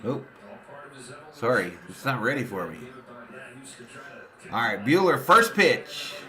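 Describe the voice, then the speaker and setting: Hosting a live watch party for fans, this sports streamer calls pitches excitedly and reads viewer comments aloud between plays. He takes his time, speaking slowly.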